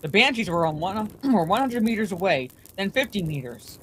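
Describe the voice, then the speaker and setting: A woman reading a bedtime story aloud in a steady, plain way, her voice slightly congested from allergies. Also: mid-range voice, normal speed, slight background noise, poor audio.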